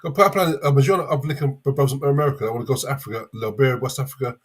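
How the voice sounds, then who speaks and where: A man in his fifties with a London accent calls in to a live discussion. He talks fast in a husky voice and rambles, stumbling through restarts as he goes. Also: mid-range voice. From England. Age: 50s. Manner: rambling, halting, with many fillers and restarts. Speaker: caller. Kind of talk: casual chat.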